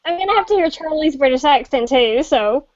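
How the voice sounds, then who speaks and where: A woman's voice: high-pitched, expressive, fairly quick, muffled recording. A woman hosting a casual interview, asking friendly, curious questions. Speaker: talk show host.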